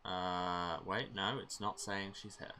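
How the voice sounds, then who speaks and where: A man's voice: low-pitched, fairly even intonation, slow, pushed and bright, a little hiss or hum. A man giving gameplay commentary with wry, self-mocking asides. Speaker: let's play gamer.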